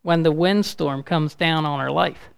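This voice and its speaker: A man delivers an informal sermon at an unhurried pace, often stopping to restart his sentences. His voice is a little high and has a gravelly edge, yet the words come through smooth and clear. Now and then he builds to a loud, urgent push. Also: fairly even intonation, no room sound. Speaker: preacher.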